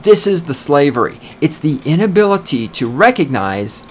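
A man hosting a podcast, delivering an emphatic, opinionated monologue with swearing, slowing down to stress key points. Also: fairly high pitch, sing-song, slight background noise. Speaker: podcast host.

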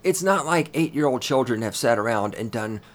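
A man's voice: animated, moderate pace. Man, podcast host, solo rant, constant swearing, heated delivery. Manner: profane, ranting, heavy swearing; loud and heated, then lower and grumbling.

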